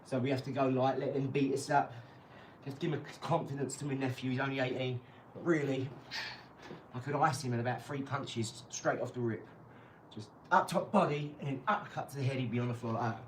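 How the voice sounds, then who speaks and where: A man's voice: medium pitch, steady tone, a little fast, a little hiss or hum. A man ranting on a live stream, blunt, boastful and rambling. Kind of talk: casual live-stream rant. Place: garage. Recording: echoey garage, mic far off.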